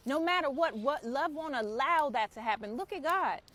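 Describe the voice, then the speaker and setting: A woman's voice: high-pitched, expressive, moderate pace, a bit bright. A woman hosting her own spiritual channel, giving an impassioned, preachy talk to camera and swearing freely. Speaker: spiritual author and channel host.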